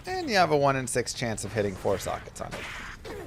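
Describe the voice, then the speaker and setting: A man's voice: mid-range voice, wildly swooping pitch, fairly quick, creaky, noisy background. A man giving casual, chatty commentary while streaming a game, mixing game tips with family stories.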